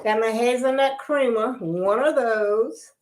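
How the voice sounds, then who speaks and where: A woman's voice: a little high, slow pace, a little hiss or hum. An older woman chatting casually on a live stream, homey and talkative, calling her viewers y'all, a little out of breath. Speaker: vlogger.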